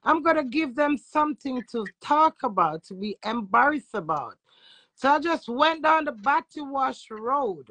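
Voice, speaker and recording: A Jamaican woman, a social media personality, rants brashly and crudely during an Instagram live stream on her phone, defiant toward her critics. Her voice is high-pitched and expressive, her pace measured, and the sound is a bit bright with no room sound.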